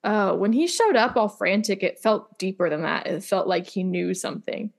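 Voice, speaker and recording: A woman's voice: mid-range voice, moderate pace, creaky. A young woman co-hosting a casual podcast, talking with lots of fillers and getting openly emotional. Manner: chatty, filler-heavy, emotional. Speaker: podcast co-host. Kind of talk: casual chat.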